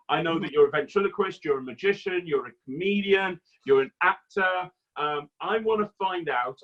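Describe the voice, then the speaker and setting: Hesitant host, dull recording. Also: male voice, on the high side, a bit bright. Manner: hesitant, laughs often, friendly. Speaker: interviewer host. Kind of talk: casual interview.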